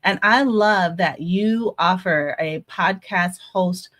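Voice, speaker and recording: A woman's voice: on the low side, takes it slowly, fairly bright tone. A woman hosting a podcast, affirming her guest and laughing often in casual chat. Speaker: podcast host.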